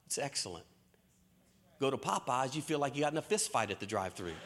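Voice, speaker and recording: A man preaching a sermon in a lively storytelling way, with folksy Southern phrasing. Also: mid-range voice, fast talker. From American South. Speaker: pastor. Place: church stage.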